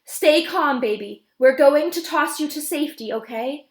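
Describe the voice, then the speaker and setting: A woman voicing a calm, commanding elder female elephant who speaks firmly and motherly in an audiobook. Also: sits high, moderate pace, roomy sound, voice pushed up. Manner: firm, motherly, giving orders.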